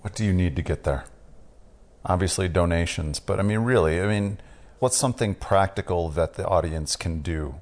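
A man hosting a podcast, asking questions calmly in casual interview chat. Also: deep voice, normal speed. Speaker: podcast host.

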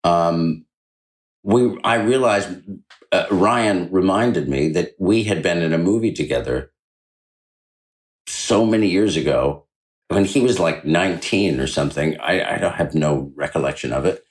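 A man's voice: a little slow, low-quality recording. A middle-aged man, a guest on an interview, telling a story in a chatty way and acting out the quoted voices. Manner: animated anecdote-telling, acting out quoted dialogue with big jumps in pitch. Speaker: author and guest.

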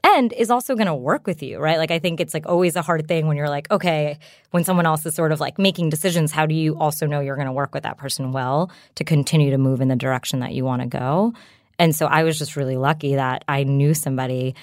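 A low-pitched woman in her thirties talks as a guest on an interview show, loose and conversational, peppering her sentences with "like" and "you know". The studio sound is close and dry. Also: fairly even intonation, fast talker, no echo. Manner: chatty, frequent "like" and "you know" fillers, laughs often. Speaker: startup founder, guest. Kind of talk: casual interview chat.

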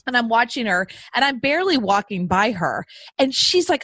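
A woman's voice: fairly high pitch, big pitch swings, normal speed, fairly bright tone, no room sound. A woman podcast host chatting with a guest in a bubbly, enthusiastic, rambling way. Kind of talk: casual interview chat. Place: Austin.

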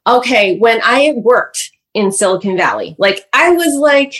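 A woman's voice: a little high, expressive, measured pace, fairly bright tone. A woman in her fifties, a podcast guest telling personal stories candidly and animatedly, often slipping into the voices of people in her stories.

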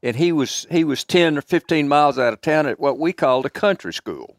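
An older man with a rural Arkansas accent, slowly and reflectively recalling the past in a casual podcast chat. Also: fairly high pitch, expressive, no echo, clean studio sound.

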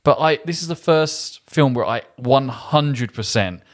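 A man's voice: medium pitch, measured pace. Man from England, film podcast host, enthusiastic, rambling, casual chat.

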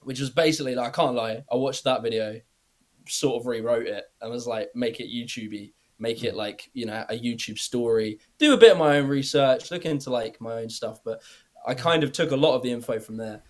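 A young British man chatting casually as a podcast guest, rambling, filling every pause with "like" and swearing easily. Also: medium pitch. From Britain. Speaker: guest YouTuber.

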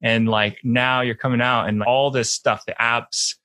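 A man's voice: medium pitch, fairly even intonation, a little slow, sharp tone, dry recording. Easygoing male podcast host, dry sound. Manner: easygoing, prompting questions. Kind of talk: casual interview.

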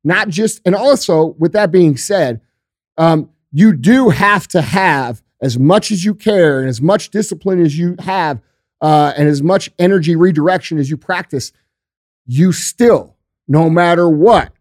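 A man's voice: fairly high pitch, measured pace, no room sound, clean studio sound. A man talking casually as a guest, blunt, profane and emphatic as he gives motivational advice. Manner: emphatic and intense. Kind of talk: casual chat.

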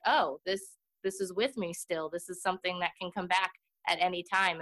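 A woman's voice: lowish voice, a bit bright, no room sound. A woman in her thirties speaking earnestly and reflectively as a guest in an interview chat. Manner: earnest and reflective, laughs easily. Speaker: podcast guest.

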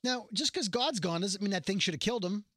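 A man with a high, bright voice talks through a story in a loose, rambling way, slipping into the characters' lines as he goes. The sound is close and dry, with no room around it. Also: animated, fast talker, no echo. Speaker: podcast co-host recapping a TV episode. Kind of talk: casual chat.

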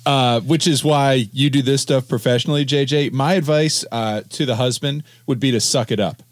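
Co-host franco com som seco. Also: male voice, medium pitch, fairly even intonation, moderate pace, dry recording. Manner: blunt, laid-back. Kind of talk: casual chat.

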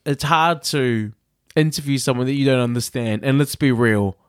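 An animated man co-hosting a casual podcast, laughing easily and breaking into playful high voices. His voice sits at a middle pitch, and it is recorded close and dry, with no room sound. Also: normal speed, clear, resonant tone, no room sound. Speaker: podcast co-host. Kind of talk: casual chat reviewing a show.

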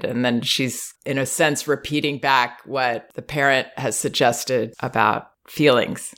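Low-voiced woman consultant, calm and measured. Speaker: parenting consultant host. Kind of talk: advice consultation.

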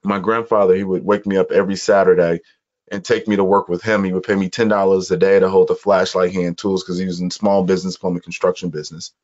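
A man from Chicago speaks as a guest in a conversation, with an earnest, reflective manner and measured pauses. His voice sits on the low side. The recording is dull and somewhat muffled. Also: level tone, a little mellow. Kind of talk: personal storytelling in conversation.

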